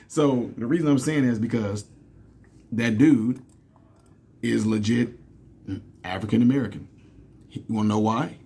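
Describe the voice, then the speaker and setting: A man's voice: mid-range voice, normal speed, darkish tone, breathy edge. A man in his thirties talking casually to viewers in a commentary vlog, telling stories with fillers and laughing often. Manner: conversational, storytelling, laughs often, many fillers. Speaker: commentary vlogger.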